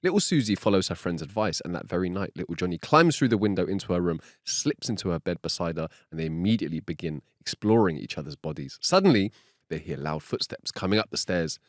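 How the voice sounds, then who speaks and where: A man co-hosting a comedy podcast, reading listener jokes with animated storytelling and high character voices. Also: fast, dry recording, clean studio sound. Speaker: podcast co-host.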